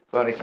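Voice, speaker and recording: An older man chats in a folksy, easygoing way while greeting viewers. His voice sits a little high. The sound is dull and lo-fi. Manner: folksy, laid-back, greets viewers by name. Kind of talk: casual live-stream chat.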